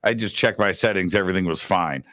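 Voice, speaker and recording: A man's voice: low-pitched, fast, bright, forceful tone, no echo, studio quality. A man co-hosting a live talk show, chatting casually and rambling with lots of fillers. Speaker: radio host, co-host.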